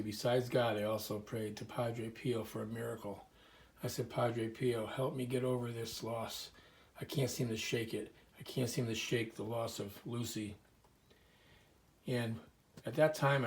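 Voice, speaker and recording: A man speaks at an ordinary middle pitch, telling stories in an earnest, rambling way and clearing his throat now and then. He talks casually to the camera from inside a small museum room.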